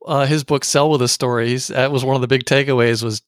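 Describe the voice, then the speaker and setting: A man hosting an interview, agreeable and quick with quips in casual chat. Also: mid-range voice, steady tone, no room sound, studio quality. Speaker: interview host.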